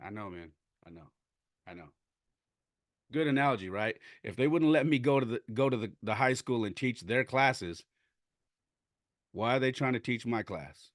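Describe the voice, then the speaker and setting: Guy venting about his coaching job, low voice, bone dry mic, gets loud and lively acting out quotes. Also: no echo. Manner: animated, acts out quotes with shouts. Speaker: podcast host and baseball coach. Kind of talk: casual storytelling monologue.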